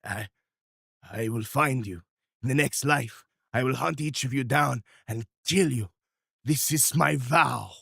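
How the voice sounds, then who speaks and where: A man's voice: mid-range voice, huge pitch swings, measured pace, no room sound, clean studio sound. A man voicing Mister R, a vengeful villain in a tabletop game who threatens the heroes.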